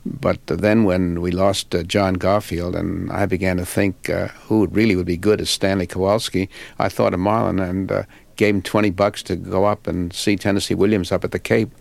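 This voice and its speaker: An older man, a film director, answering interview questions in an unhurried, halting, reflective way. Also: low voice, flat delivery, vocal fry, a little mellow. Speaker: film and stage director, guest.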